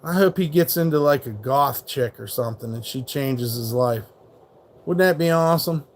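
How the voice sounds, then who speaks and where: A man's voice: mid-range voice, normal speed. A man hosting a live stream, ranting in a rambling, profane and mocking way while reacting to chat. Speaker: livestream host.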